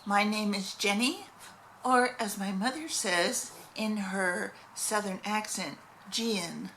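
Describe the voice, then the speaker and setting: Slow, rambling middle-aged woman vlogger. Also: mid-range voice, sharp tone, slight background noise. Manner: rambling, with many fillers and self-corrections. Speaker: crochet vlogger. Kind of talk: casual crochet show-and-tell.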